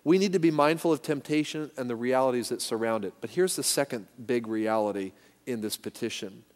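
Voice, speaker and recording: A man preaching a sermon with emphasis, leading his congregation to repeat lines back. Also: mid-range voice. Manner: emphatic, leads call-and-response. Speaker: pastor. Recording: echoey hall reverb.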